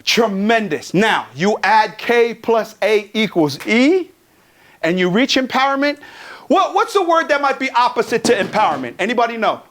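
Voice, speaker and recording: A man from California giving a motivational keynote, energetic and profane, joking with the crowd in a conference hall. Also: high voice, moderate pace. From Pomona, California. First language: Tongan. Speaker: keynote speaker.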